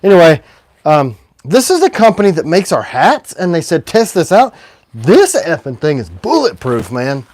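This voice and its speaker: A man's voice: fairly high pitch, wildly swooping pitch, moderate pace, a little mellow. A man hosting a casual livestream as a knife maker, rambling and self-deprecating.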